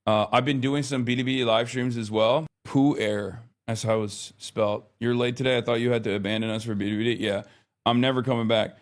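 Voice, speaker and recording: A man's voice: mid-range voice, steady tone, fairly quick. A man in his thirties chatting casually on a live stream, rambling, often exasperated, swearing now and then.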